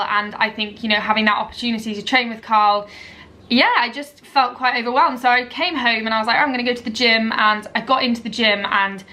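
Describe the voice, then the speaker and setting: A young woman, a dressage rider, talking candidly to her vlog camera, open and hesitant with many pauses. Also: on the high side, pushed and bright.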